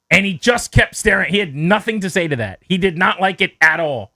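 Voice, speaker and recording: A man hosting a sports radio show, telling a story in a lively, animated way and acting out the quotes in it. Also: high-pitched, fairly quick, hardly any pauses, no room sound, clean studio sound. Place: radio studio. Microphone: studio mic.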